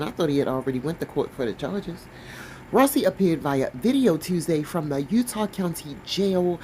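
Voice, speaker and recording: Woman, lowish voice, reads an article aloud, cuts in with sassy remarks, trips over words. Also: a little mellow, a little hiss or hum, poor audio. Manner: blunt, sassy commentary between read passages; stumbles over words while reading. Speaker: commentator reading a news article. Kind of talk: reading aloud with casual asides.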